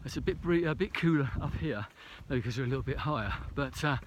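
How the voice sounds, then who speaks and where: A man records himself outdoors on a snowy mountain walk, slightly out of breath and talking in a rambling, hesitant way full of fillers and restarts. The audio is clearly noisy, with wind and footsteps in snow behind his ordinary, mid-pitched voice. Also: lively intonation, quick pace. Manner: rambling, self-correcting, hesitant with many fillers. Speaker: vlogger. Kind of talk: casual vlog while hiking.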